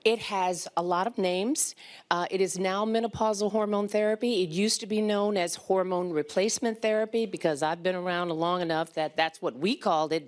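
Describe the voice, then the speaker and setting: A woman physician opening a live panel on hormone therapy, talking in a conversational way with some fillers. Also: medium pitch. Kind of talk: panel talk explaining medicine. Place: event stage before an audience.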